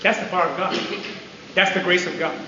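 A man's voice: high-pitched, a little fast, sharp tone. A man preaching a sermon to an audience in a large hall, emphatic and repeating key phrases, on a dull lo-fi recording with faint hiss.

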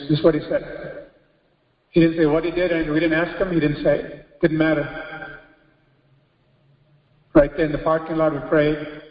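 A pastor preaching a sermon with emphasis, breaking into exclamations of praise. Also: male voice, on the high side, flat delivery, normal speed, long pauses. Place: church hall. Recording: echoey hall, dull lo-fi audio.

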